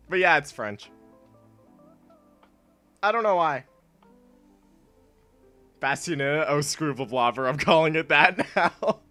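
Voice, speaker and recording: Young male streamer, casual and rambling, animated pitch, light music bed. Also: takes it slowly, pauses often. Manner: rambling, laughs often, many "like" fillers and restarts. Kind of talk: casual gameplay stream chat.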